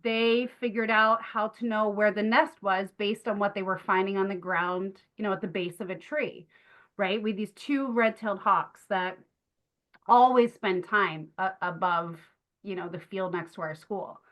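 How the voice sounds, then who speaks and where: A middle-aged woman, a nature educator, telling stories in an interview in an earnest, animated way with many fillers and restarts. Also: mid-range voice, moderate pace. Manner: animated, acts out the voices of children and teachers. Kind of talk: storytelling in a conversational interview.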